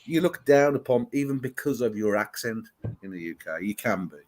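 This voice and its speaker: A man's voice: mid-range voice, lively intonation, a little fast, a little mellow. A man from England with a Birmingham accent, chatting casually in a blunt, self-mocking way. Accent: Birmingham English. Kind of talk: casual group chat.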